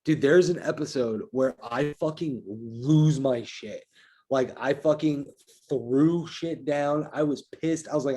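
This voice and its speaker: A man's voice: mid-range voice, a little slow, mellow. A man guesting on a podcast in casual chat, frank and swearing a lot as he rants.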